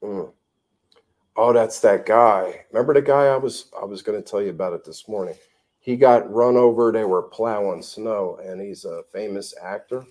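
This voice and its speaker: A man from the United States hosting a casual livestream chat from home, blunt and animated, cursing freely as he tells stories. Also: fairly low pitch, moderate pace. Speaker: vlog host. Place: home in the tropics.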